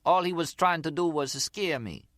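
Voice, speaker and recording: A man's voice: a little high, moderate pace, fairly bright tone, dry recording, studio quality, voice pushed up, close to an everyday voice. A man voicing a brash young woman who gossips and wheedles in an audiobook reading. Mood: gossipy.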